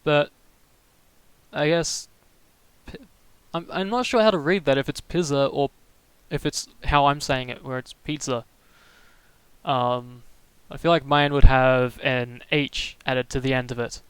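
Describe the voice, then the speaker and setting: A young man from Melbourne, chatting casually on his live stream with many halting restarts, answering viewers' comments. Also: medium pitch, a bit bright, clear, resonant tone, no echo, rough recording. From Melbourne, Australia. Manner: rambling, halting, restarts sentences often.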